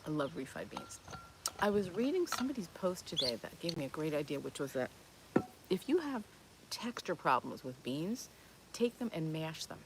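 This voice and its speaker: A woman's voice: low voice, sing-song, normal speed, heavy background noise. A woman in her fifties hosting a live Q&A stream, chatting in a rambling way with lots of fillers and restarts as she answers viewer comments. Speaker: host of a plant-based cooking channel.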